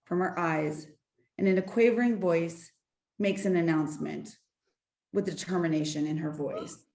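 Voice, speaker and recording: A woman narrating the stage directions of an amateur radio play in a plain, even manner. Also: fairly low pitch, moderate pace.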